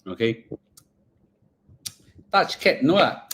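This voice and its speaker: A man's voice: mid-range voice, sing-song, slow, fairly bright tone, slight background noise. A middle-aged man with a Singaporean English accent, hosting a casual livestream, chatting in Singlish with bits of Mandarin and murmuring between bites. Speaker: finance livestream host.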